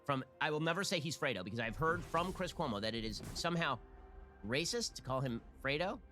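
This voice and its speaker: A man hosting a political commentary show, sarcastic and mocking in his rapid-fire delivery. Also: a little high, sing-song, pushed and bright, soft background music.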